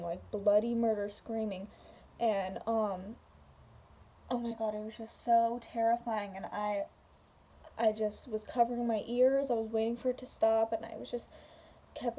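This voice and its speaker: A woman's voice: on the high side, dark tone, slight background noise. A young woman casually telling a story to camera at home, rambling with fillers and swearing. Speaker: vlogger. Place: home room.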